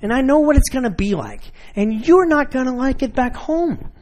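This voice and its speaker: A man's voice: very high-pitched, lively intonation, normal speed, noisy background. A man preaching a sermon in a conversational way, addressing his listeners directly and acting out everyday scenes. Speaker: pastor.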